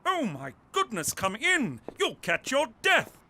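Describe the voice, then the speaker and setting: A prissy cartoon stickler. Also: male voice, very high-pitched, wildly swooping pitch, a little slow, bright, forceful tone, exaggerated voice. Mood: fussy. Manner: prissy, fussy and prim. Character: prim, fussy male host with strict rules. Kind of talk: cartoon voice acting.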